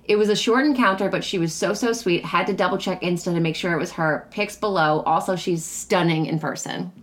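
Woman co-host, reads listener stories aloud in an animated way, chatty with many fillers. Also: fairly low pitch, brisk. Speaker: podcast co-host. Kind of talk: reading listener stories and casual chat.

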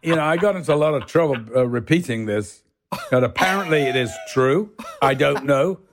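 An older man from England, a guest telling stories in casual conversation, acting out the people in them with lively put-on voices. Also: fairly high pitch, a little fast. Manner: animated, acts out the people in his stories in shifting voices. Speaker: guest actor telling anecdotes. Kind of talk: casual podcast storytelling.

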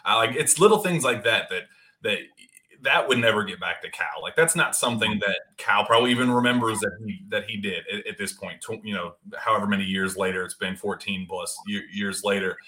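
A man hosting a sports talk podcast, informal and eager. His voice sits low but has a bright, forceful edge. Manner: quick, enthusiastic, informal. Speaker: podcast host.

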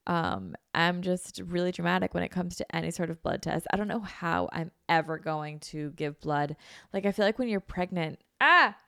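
A woman's voice: lowish voice, fairly even intonation, moderate pace, creaky, clear, resonant tone, no room sound, clean studio sound. A young woman hosting a podcast, telling a story in a chatty, self-dramatizing way and full of "like"s while she recovers from illness. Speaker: podcast host. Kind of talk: casual chat.

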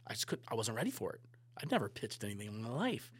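A man, a photographer and director, telling stories in a casual podcast chat, animated and swearing freely. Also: on the low side, fast talker, breathy edge, no echo.

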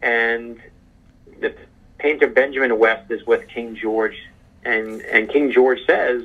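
A man being interviewed as an author, telling an animated story in casual conversation. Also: mid-range voice, measured pace. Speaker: author guest. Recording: muffled phone-line sound.

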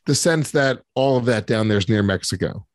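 A man's voice: mid-range voice, animated, brisk, no room sound. A man co-hosting a podcast, talking in crude, boisterous, profanity-heavy banter from a studio mic. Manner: profane, boisterous, swears constantly. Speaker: podcast co-host.

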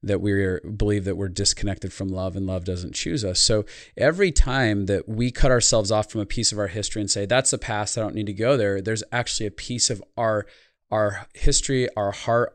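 A speaker and life consultant tells a personal story in a podcast conversation, earnest and reflective. His voice is on the low side with a steady tone at a moderate pace, captured in dry, studio-quality sound.

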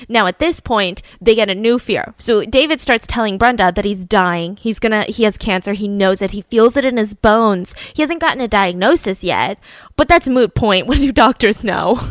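A woman telling a story in a chatty, animated way, full of asides. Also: mid-range voice, moderate pace, no room sound. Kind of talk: casual storytelling.

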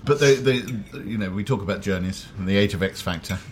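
A man's voice: low-pitched, fast. A man hosting a casual chat over a restaurant meal, telling wry, self-deprecating stories. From London. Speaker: host. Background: cutlery and dishes clattering.

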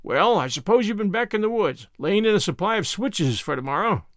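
A man's voice: high-pitched, animated, a little fast, fairly bright tone, no room sound, clean studio sound, pitched above the performer's own voice. A man voicing a blunt, teasing older farmer with folksy speech in a storybook reading.

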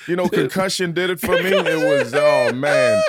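A comedian guest on a podcast, riffing playful jokes in casual chat. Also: male voice, a little high, moderate pace, a loud crowd.

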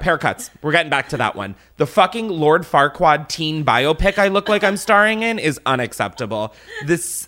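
A man's voice: medium pitch, bright, forceful tone. A man hosting a podcast, ranting casually and exasperatedly with lots of swearing. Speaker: podcast host.

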